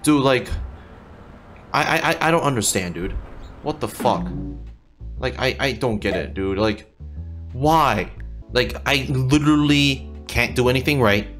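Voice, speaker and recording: A man's voice: medium pitch, a little slow, a bit bright. A man giving let's play commentary while gaming, frustrated, swearing and repeating himself, with game music behind. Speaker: gamer.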